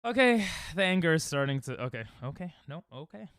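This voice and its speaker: A man's voice: a little high, sing-song, quick pace, fairly bright tone, clean tone, dry recording, studio quality. Young man streaming, casually rambling. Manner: rambling, self-deprecating, restarts often, chats with viewers. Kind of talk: casual livestream chat while speedrunning.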